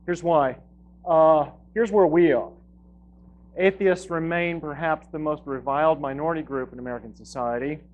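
A philosophy professor giving a talk to a live audience, with dry, wry humor and lively emphasis in his lists. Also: a little high, moderate pace, lo-fi sound. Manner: dry wry humor, laughs at own jokes.

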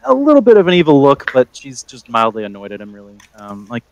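A man running a tabletop game as game master, narrating in a relaxed way with many fillers. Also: medium pitch, fast, few pauses, dry recording, poor audio.

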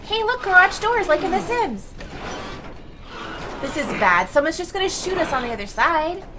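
A young woman streaming a video game live, chatting and joking, then breaking into excited shrieks and laughter when the action heats up. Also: high voice, normal speed, background noise. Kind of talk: live gameplay commentary.

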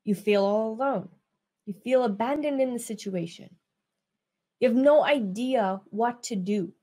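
A woman's voice: a little high, warm tone. A woman business coach talking casually to camera, drawing out her words and checking that listeners follow her. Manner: unhurried, drawn-out words, asks listeners if they follow.

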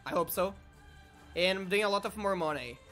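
Guy narrating his game, mumbles then gets loud and hyped, faint music under it. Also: high voice, fairly quick. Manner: excitable, swings from muttering to shouting. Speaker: gaming YouTuber. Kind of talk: casual gameplay commentary.

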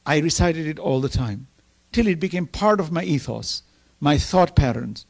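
A man's voice: fairly high pitch, expressive, moderate pace, creaky. A middle-aged man telling personal stories with emotion in an earnest sermon, reciting scripture at times. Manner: emotional, earnest storytelling, reciting Quranic verses. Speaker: speaker at a Ramadan program.

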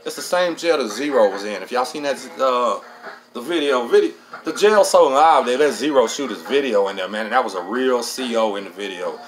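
A man's voice: medium pitch, lively intonation, a little fast, rough recording. A middle-aged man hosts a casual storytelling monologue, streetwise and profane, dropping "man" into nearly every line. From Texas. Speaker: host.

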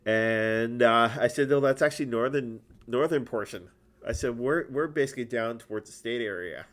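A man's voice: medium pitch, moderate pace, fairly bright tone. A man co-hosting a casual spiritual podcast, rambling with lots of ums and restarts. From Canada. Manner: rambling, many fillers and restarts. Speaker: podcast co-host.

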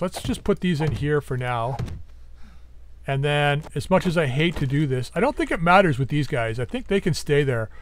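A man giving casual gameplay commentary, thinking aloud as he plans, his voice going a bit hoarse. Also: fairly high pitch, slight background noise. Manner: thinking aloud, musing and planning.

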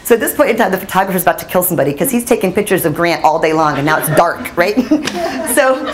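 A woman journalist telling stories at a storytelling summit, lively and laughing, acting out the voices she quotes. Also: lowish voice, fast talker, slight background noise. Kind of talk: animated storytelling talk. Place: conference hall.

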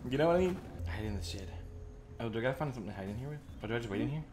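A man doing let's-play commentary on a horror game, jumpy and excitable and laughing often. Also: medium pitch, very fast, background noise. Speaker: gaming streamer. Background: game music.

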